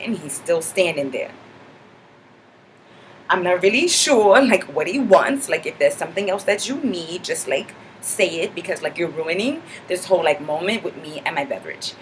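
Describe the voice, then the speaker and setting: A woman's lowish, animated voice, close to how she'd normally talk, moves at normal speed with a little hiss or hum behind it. For a character comedy vlog, she performs a monologue as a confident, sassy clubgoer who chatters in mock outrage and fills each line with "like."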